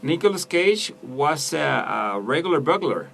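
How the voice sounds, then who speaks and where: Slow, hesitant radio co-host man. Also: fairly high pitch, sing-song, gravelly, fairly bright tone. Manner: hesitant, searching for words. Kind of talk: casual radio chat about films. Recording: distant mic with some background noise.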